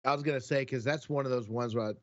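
A man's voice: mid-range voice, racing. Man with a dull, lo-fi sound. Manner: excitable, jumps in to retell stories. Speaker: podcast co-host. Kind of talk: casual chat.

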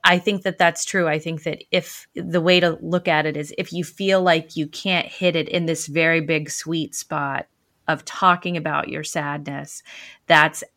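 Woman podcast host, lower voice, thoughtful questioner, dry sound. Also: fairly even intonation, measured pace, a bit bright, no echo. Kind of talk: podcast conversation.

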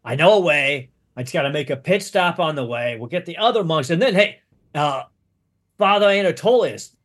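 A bandaged young monk, fed up with his order and ready to bolt, snaps and swears in an agitated, raised voice, put on by a man running a tabletop game. His tone climbs well above the man's everyday pitch. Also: expressive, moderate pace, a bit bright. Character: young injured male monk, fed up and foul-mouthed.

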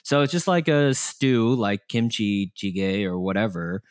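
Man, podcast co-host, lowish voice, dry close mic, rambly, teasing storyteller. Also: animated, a little slow, smooth, no echo. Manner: storytelling with many fillers, teasing. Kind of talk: casual podcast chat.

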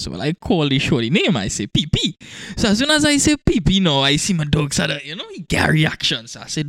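Lively high-voiced man chiming in. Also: fairly quick, hardly any pauses, no room sound, studio quality. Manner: laughing, chiming in with reactions. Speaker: podcast co-host. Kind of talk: casual chat.

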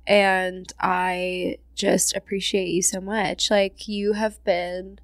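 A woman's voice: mid-range voice, flat delivery, takes it slowly, no echo, studio quality. A woman hosting a casual podcast chat, emotional and often laughing, swearing casually. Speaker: podcast host.

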